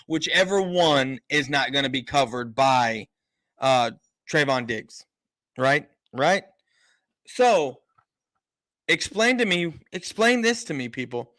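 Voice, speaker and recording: A man's voice: mid-range voice, sharp tone, no room sound. A man hosting a live-stream sports show, ranting emphatically and repeating himself for effect. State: out of breath. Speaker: sports talk host.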